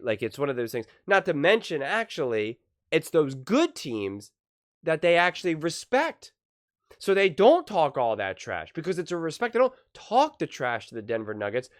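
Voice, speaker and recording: A man's voice: on the high side, no room sound, studio quality. A young man hosting his own sports commentary channel, giving emphatic solo opinions and punching out quoted lines from players. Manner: animated, emphatic, quoting players in punchy voices.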